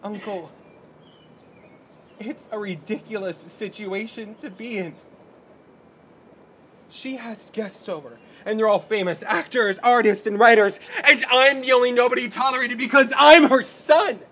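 A man's voice: sits high, unhurried, bright, forceful tone, full character voice. A man playing a brooding young playwright. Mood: bitter. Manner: brooding, bitter, intense. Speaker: stage actor. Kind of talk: outdoor stage play performance. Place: outdoor stage at an arboretum.

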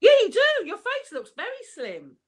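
A woman's voice: very high-pitched, wildly swooping pitch, moderate pace. A woman hosting a casual chat, teasing and reassuring her guest. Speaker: host.

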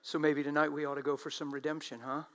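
A man preaching a sermon, telling stories emphatically and swinging between loud and hushed speech. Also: a little high, level tone, quick pace, slight background noise.

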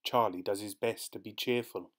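Man narrator, children's picture book read-aloud, steady and clear. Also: lowish voice, moderate pace. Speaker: storybook narrator.

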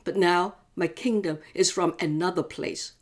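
A woman reading calm Jesus. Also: on the low side, a little slow, lightly acted. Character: calm, steady Jesus on trial.

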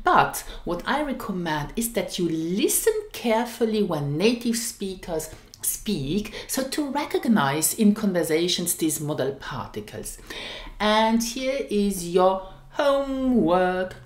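Slow, careful woman teaching a language. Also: mid-range voice, very animated, echoey room. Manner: slow, careful, repeats example phrases. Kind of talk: language lesson.

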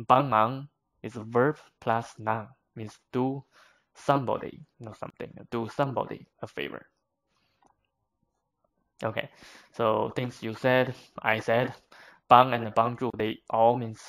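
A man's voice: mid-range voice, fairly even intonation, measured pace, fairly bright tone. A man whose first language is Chinese, teaching vocabulary to learners in a patient, step-by-step way with frequent fillers.

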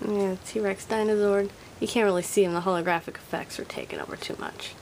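A woman's voice: medium pitch, fairly even intonation, a little fast, a little mellow. A woman chatting casually and nostalgically while showing off her old toy collection at home. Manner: chatty and nostalgic, thinking aloud. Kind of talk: casual show-and-tell. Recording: noisy home recording.

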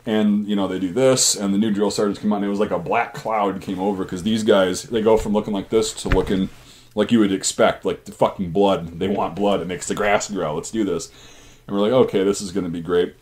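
A man's voice: lowish voice, fairly even intonation, brisk, a little mellow, slight background noise. A man hosting his channel, casually telling army stories in a rambling, profane way. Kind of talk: casual storytelling.

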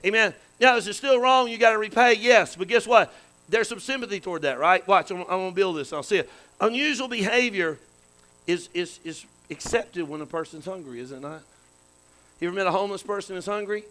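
A man preaching in a church, his voice pitched high and ringing bright. He keeps it folksy, tossing questions and amens to the congregation. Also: brisk, poor audio. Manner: folksy, calls to the congregation with frequent "amen" and questions. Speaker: pastor. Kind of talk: sermon. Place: church sanctuary.

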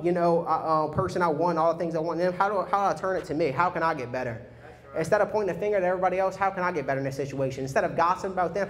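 A man preaching a sermon in an energetic, conversational way, often saying "man" to the congregation. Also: high-pitched.

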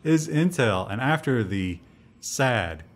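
A man co-hosting a tech news show, joking and loose in how he talks. His voice sits at an everyday pitch, and he drops sarcastic asides into the chat. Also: sing-song, slow.

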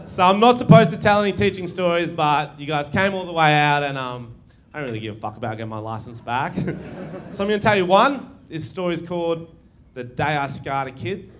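A man's voice: a little high, brisk, a bit bright. Brash man doing crude stand-up. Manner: brash, crude, laughs at his own jokes. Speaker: stand-up comedian. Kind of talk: stand-up comedy set. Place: comedy venue before a live audience. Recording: live stage recording with audience noise.

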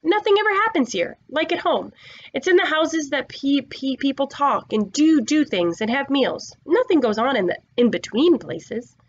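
A woman voicing an eager young schoolboy who is full of ideas and talks excitedly. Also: high-pitched, normal speed, highs cut off, pitched above the performer's own voice.

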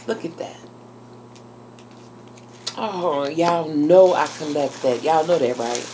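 A woman's voice: low voice, slow pace, background noise. A woman in a casual unboxing vlog, talking straight to her viewers in an effusive, exclamatory way and gushing with delight as she opens each item. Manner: talks to viewers as "y'all" and "girl". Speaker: YouTuber.

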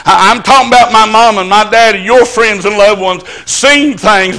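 A man's voice: high-pitched, a little fast, hardly any pauses, bright, forceful tone. A man preaching at a church service, telling stories in a folksy, emphatic country way. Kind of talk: storytelling sermon.

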